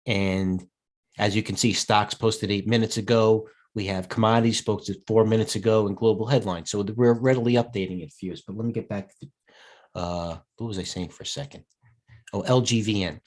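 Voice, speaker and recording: Tired middle-aged guy, lowish voice, rambling live stock market talk, keeps breaking off for chat questions. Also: steady tone, moderate pace. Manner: rambling, digressive, stops to answer chat questions. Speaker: host and stock broker.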